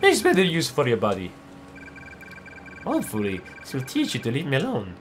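A man's voice: mid-range voice, huge pitch swings, brisk, slight background noise. A man voicing a cold, menacing male spirit villain who taunts and mocks, reading game dialogue aloud.

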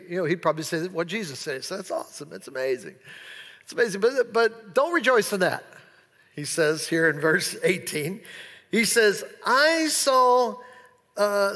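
A high, bright male pastor preaching in a big church, lively and playful as he acts out whoops and asides. His voice rings with a long hall reverb. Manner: animated, playful preaching with acted-out exclamations. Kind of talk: sermon.

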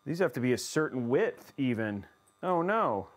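A man's voice: mid-range voice, big pitch swings, moderate pace. A man live-streaming a PC build, talking to his chat in a playful, rambling way and teasing them.

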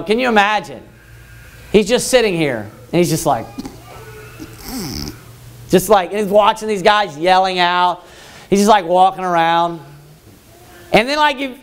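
Animated man preaching casually. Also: high voice. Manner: casual, conversational, lots of fillers, acts out scenes. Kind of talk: sermon.

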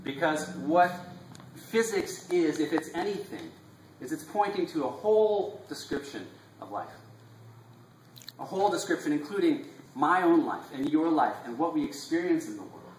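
Guy giving a passionate inspiring talk, kinda high voice, mic far off across the room. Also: animated, slight background noise. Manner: emphatic, inspirational, drawn-out phrasing. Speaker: speaker presenting his class. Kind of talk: impassioned live talk. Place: live performance salon room. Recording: roomy, distant live recording.

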